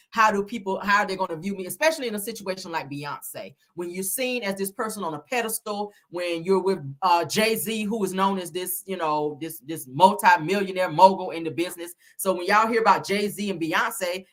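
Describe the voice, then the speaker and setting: A woman's voice: mid-range voice, bright, forceful tone. A woman host giving casual commentary, reading song lyrics aloud and adding slangy asides.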